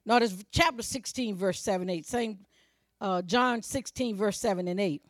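A woman's voice: mid-range voice, moderate pace, no room sound, clean studio sound. A woman preacher delivering a sermon, fervent and colloquial, calling out exclamations and speaking straight to her congregation. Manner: fervent, calls out exclamations between points.

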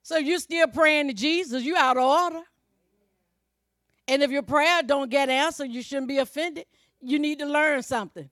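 A woman's voice: high voice, moderate pace, fairly bright tone, no echo, clean studio sound. A woman preacher delivering a sermon, fervent and colloquial, calling out exclamations and speaking straight to her congregation. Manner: fervent, calls out exclamations between points.

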